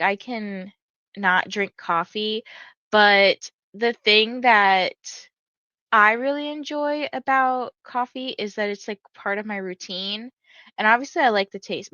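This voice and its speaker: A woman's voice: mid-range voice, sharp tone, no echo. A tired woman hosts a cozy reading stream and chats loosely, with filler words everywhere as she thinks aloud. Her voice sits in a middle range. The sound is dry and slightly muffled, like a home mic. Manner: chatty and rambling, heavy use of "like"; reads viewer chat comments aloud. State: tired and yawning. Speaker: readathon livestream host. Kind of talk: casual livestream chat.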